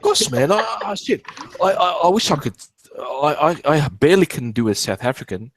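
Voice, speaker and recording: Australian man, host, excitable, swears, lively swooping voice, faint line hiss. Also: a little high, normal speed. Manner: excitable, swears freely, laughs often. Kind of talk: casual group voice chat.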